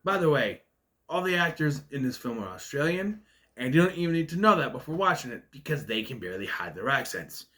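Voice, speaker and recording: Male film reviewer with a stutter, ranty and nitpicky, mid-pitched, casual vlog delivery. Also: big pitch swings, brisk, sharp tone. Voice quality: stutters, stalls on words. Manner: ranting, nitpicky. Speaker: movie reviewer.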